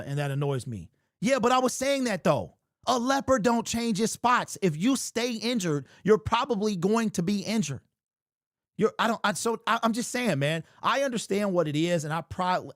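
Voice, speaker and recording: A man hosting a fan sports talk stream, reading chat aloud and ranting in an animated, exasperated way. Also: on the high side, dry recording, clean studio sound. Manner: animated, exasperated ranting, keeps saying "bro".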